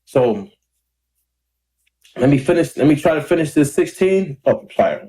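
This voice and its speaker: A man in his thirties chatting casually to camera in a rambling, laid-back way, a little hoarse and clearing his throat often. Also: on the high side, very animated, moderate pace, warm tone. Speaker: independent rapper and vlogger. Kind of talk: casual talking-to-camera vlog. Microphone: camera or phone mic.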